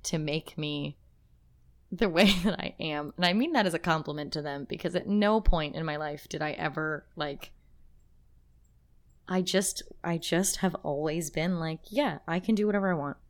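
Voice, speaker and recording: A woman co-hosting a podcast in casual chat, emotional and halting, laughing through her feelings. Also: deep voice. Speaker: podcast co-host.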